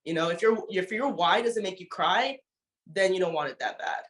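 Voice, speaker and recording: A woman's voice: on the low side, lively intonation, normal speed, roomy sound. A woman giving a heartfelt, motivational testimony as a network marketing leader, emotional and leaning often on "you know.".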